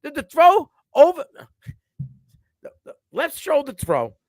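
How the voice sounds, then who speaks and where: A male co-host giving animated, profane takes on a sports talk livestream. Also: very high-pitched, measured pace, no room sound, studio quality.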